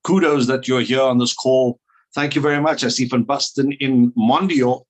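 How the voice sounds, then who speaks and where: A man's voice: medium pitch, steady tone, moderate pace. A South African man leading an online training call, greeting attendees with playful, upbeat banter over a video call.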